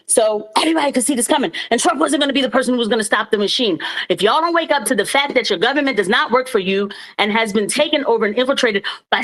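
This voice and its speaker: A woman speaking on a live audio panel, angry and emphatic, ranting in a fast-flowing rush. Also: on the high side, low-quality recording.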